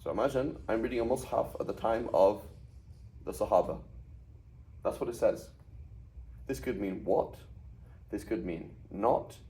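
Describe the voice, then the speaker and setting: A man's voice: lowish voice, warm tone, poor audio. A man teaching a class in a conversational lecture style, often putting questions to his students. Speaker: Arabic teacher.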